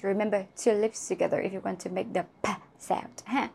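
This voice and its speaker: A woman teaching English pronunciation, drilling each word several times and often checking in with a quick "huh?". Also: mid-range voice, fairly even intonation, creaky, a little mellow, slightly rough. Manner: laughs at herself now and then.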